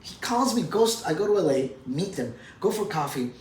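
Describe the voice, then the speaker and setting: A man telling an animated anecdote as an interview guest, acting out other people's lines. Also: high-pitched, moderate pace, slight background noise. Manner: lively storyteller who acts out other people's lines, with frequent fillers. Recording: roomy sound from a distant mic.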